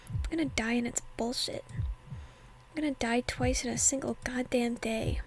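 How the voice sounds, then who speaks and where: Hushed angry teen boy hero staring down death, read out by a woman, high and a bit gravelly. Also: a little hiss or hum. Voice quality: hushed, whispery. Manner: bitter, defiant inner monologue. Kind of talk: reading visual novel lines aloud.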